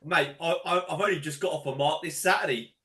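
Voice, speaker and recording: A man co-hosting a podcast, telling animated, sweary stories in casual chat. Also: a little high, quick pace. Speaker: podcast co-host and amateur footballer.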